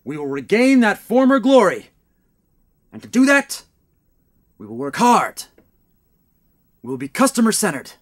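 A man's voice: sits high, very animated, unhurried, long pauses. A man playing a pompous evil vampire boss. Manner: pompous pep-talk delivery, mock-sincere. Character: smug male vampire boss turned evil. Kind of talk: comic audio drama acting.

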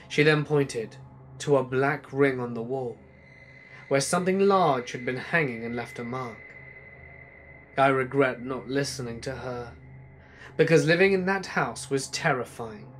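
A man reading true scary stories aloud as a narrator, slow and hushed, letting his voice sink low at the ends of lines. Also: slight background noise. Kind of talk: scripted horror narration.

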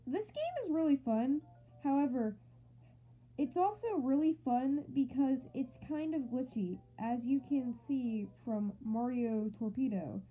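A woman's voice: high voice, expressive, measured pace, soft background music. Playful woman, thin phone-like audio. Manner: playful, goofy asides and mock outrage. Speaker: gameplay commentator. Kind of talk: casual gameplay commentary.

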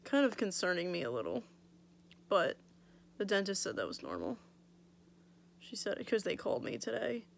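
A woman's voice: medium pitch, huge pitch swings, moderate pace, gravelly, pauses often, a little hiss or hum. A young woman vlogging casually about her oral surgery recovery, blunt and full of "like", swearing freely, her mouth still swollen. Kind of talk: casual storytelling vlog.

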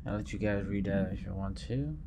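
A man giving casual let's-play commentary, playfully teasing enemies and breaking into high whoops. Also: brisk, gravelly, heavy background noise. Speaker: gameplay streamer.

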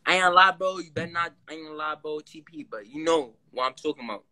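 Hyped young guy on a livestream, high voice, real bright sharp tone. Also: fast talker, no room sound. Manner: excitable, profane slang. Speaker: livestream participant. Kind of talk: casual livestream chat.

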